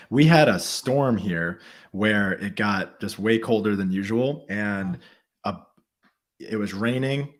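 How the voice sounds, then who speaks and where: A man guests on a casual podcast with a fairly low voice. He talks reflectively, hedging and pausing as he works through his thoughts. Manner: reflective, halting, with hedges. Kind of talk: casual chat.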